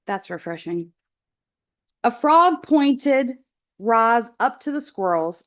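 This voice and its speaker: A woman teacher reading a children's novel aloud with expressive storytelling. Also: on the high side.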